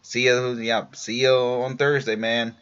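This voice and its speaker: A tired man hosting a live stream, reading out casual shout-outs with lots of fillers and restarts. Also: mid-range voice, little pitch movement, unhurried, clear, resonant tone. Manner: rambling, many fillers and restarts. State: tired after a long workday. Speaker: live-stream show host. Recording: dull lo-fi home stream audio.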